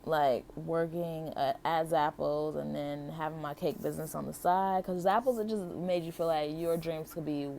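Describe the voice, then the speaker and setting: A woman's voice: low-pitched, fairly even intonation, moderate pace, gravelly, hardly any pauses, darkish tone, slight background noise. A woman in her thirties from the United States, telling her personal story to camera in a chatty, heartfelt way full of "like" and "um". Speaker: vlogger.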